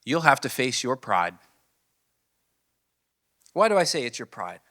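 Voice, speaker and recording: A man preaching a sermon as pastor, earnest, asking the listeners questions and dropping to a soft, low voice on key points. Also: big pitch swings, unhurried. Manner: earnest, builds with rising questions then drops soft.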